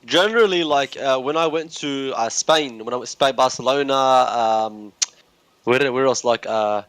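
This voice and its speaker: A man with an Australian accent chatting casually, quick and chatty, often repeating his words. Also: mid-range voice, a bit bright, clear, resonant tone, no echo. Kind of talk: casual chat.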